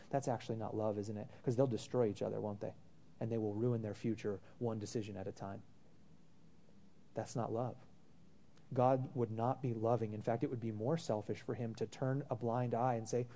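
A man's voice: lowish voice, fairly even intonation, moderate pace, mellow. A man preaching a sermon, reading scripture aloud and pressing the congregation with rhetorical questions and casual asides. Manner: calls listeners brothers and sisters, casual asides.

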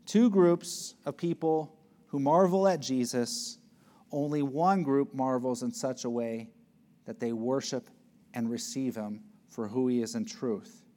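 Delivering an expository sermon, a man reads scripture in a slow, deliberate way and drives home his points with emphasis. His delivery rises to loud peaks and drops to hushed, quiet words.

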